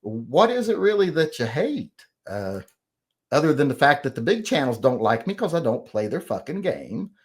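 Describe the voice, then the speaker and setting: A man's voice: medium pitch, big pitch swings, moderate pace, husky. A middle-aged man hosting a casual livestream chat, rambling and profane as he reads out comments and grumbles defensively about critics. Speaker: host.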